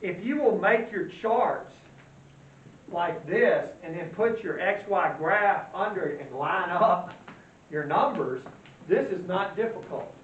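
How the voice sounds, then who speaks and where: This math teacher has a high voice and a homespun style, slowly posing questions to his students before supplying the answers himself, with lively ups and downs in his intonation. The mic sits far from him in a reverberant classroom, and the muffled, low-quality audio has a soft hiss beneath it.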